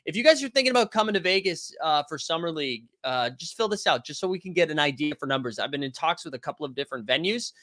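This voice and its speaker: A young man hosts a casual basketball live stream. His voice is a little higher than most men's and sharply bright, and he talks loud and animated as he answers the chat. The sound is dry and close. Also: fast, few pauses, dry recording. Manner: loud, animated, yells often; reads and answers chat comments.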